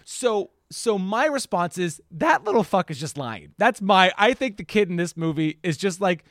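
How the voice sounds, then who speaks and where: A woman in her thirties co-hosting a film podcast, telling stories with lots of swearing and quick restarts. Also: medium pitch, no room sound, clean studio sound. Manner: animated storyteller, swears freely. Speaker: podcast co-host. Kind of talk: casual film discussion.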